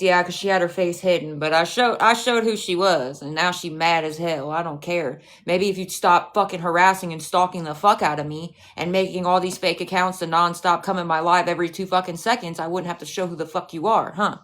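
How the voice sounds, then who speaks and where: Profane ranting woman with a lowish voice. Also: a bit bright. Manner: mocking, scornful asides. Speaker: livestreamer. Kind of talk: livestream rant to chat.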